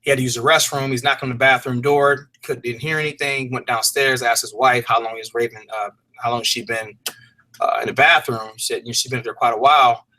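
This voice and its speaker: A man's voice: mid-range voice, steady tone, fairly quick, bright, forceful tone, low-quality recording. A man telling a personal story as an interview guest, earnest and rambling, with casual slang and frequent restarts. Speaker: fitness program creator, interview guest.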